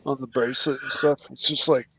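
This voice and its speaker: A man's voice: medium pitch, fairly even intonation, fairly quick, gravelly, bright, forceful tone, breathy edge, no echo. Jokey man, dry close sound. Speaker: livestream guest. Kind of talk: casual chat.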